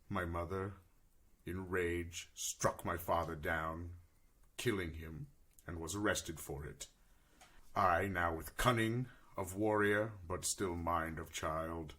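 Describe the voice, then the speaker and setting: A man telling his character's sad backstory slowly and gravely during a tabletop role-play. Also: sits low, fairly bright tone. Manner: slow, grave storytelling in character, breaking into laughter. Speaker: player voicing his character.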